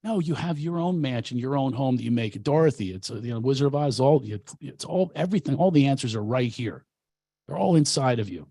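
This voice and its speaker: A man's voice: medium pitch, animated, brisk, mellow, dry recording. A comedian and coach from Philadelphia, a man telling brash, self-mocking stories in casual chat.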